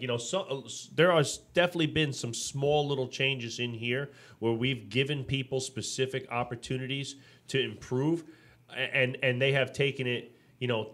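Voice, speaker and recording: A man co-hosting a business podcast in a loose, conversational way. He tells stories with energy, slips into acted-out quotes and stumbles through restarts as he goes. His pitch sits in an ordinary middle range. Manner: animated storytelling, acts out quotes; frequent restarts and fillers. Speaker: podcast co-host. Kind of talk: casual business podcast chat.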